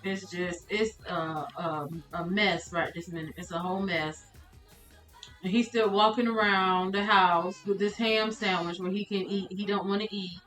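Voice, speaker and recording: A woman's voice: mid-range voice, fairly even intonation, measured pace, fairly bright tone, roomy sound, soft background music, poor audio. A woman streamer commentating a life-sim game live, exasperated and laughing as she talks to her chat.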